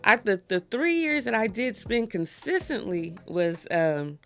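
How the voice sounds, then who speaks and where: A woman from Brooklyn, a podcast guest, telling stories in a lively, laughing way. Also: mid-range voice, unhurried, gravelly, soft background music. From New York, Brooklyn. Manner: animated storyteller, laughs often. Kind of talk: casual podcast chat.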